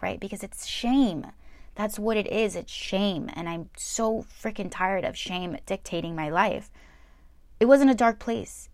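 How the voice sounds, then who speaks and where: A woman's voice: fairly low pitch, gravelly, no echo. A young woman talking candidly and earnestly to her viewers in a confessional way, often repeating words for emphasis. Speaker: vlogger. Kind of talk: candid personal talk to camera.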